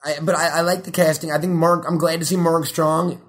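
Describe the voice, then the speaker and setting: Young guy ranting about movies, cusses a ton, kinda high voice. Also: fairly quick. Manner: excitable, swears a lot, rambling. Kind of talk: casual chat.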